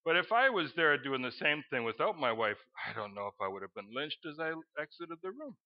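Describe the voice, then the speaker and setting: Middle-aged male preacher, animated storyteller with sudden loud exclamations, slightly high voice. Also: fairly quick. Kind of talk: sermon with storytelling. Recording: dull lo-fi recording.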